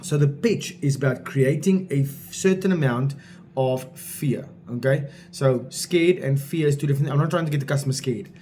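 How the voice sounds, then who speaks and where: A man's voice: mid-range voice, moderate pace, warm tone, a little hiss or hum. A man coaching salespeople in a blunt, informal way, driving each point home with repetition. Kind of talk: direct-to-camera coaching talk.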